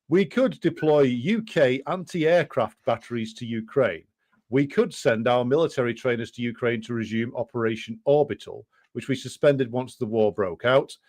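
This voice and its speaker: Male podcast co-host, sardonic, dry asides while reading aloud, mid-pitched. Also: darkish tone. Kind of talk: casual political chat, reading quotes aloud.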